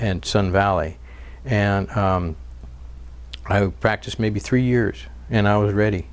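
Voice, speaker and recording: A man with a lowish voice tells his stories in an earnest, easygoing way. He pauses on fillers and restarts his sentences. Faint music plays underneath. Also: steady tone. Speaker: documentary narrator and interviewee. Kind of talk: interview and narration.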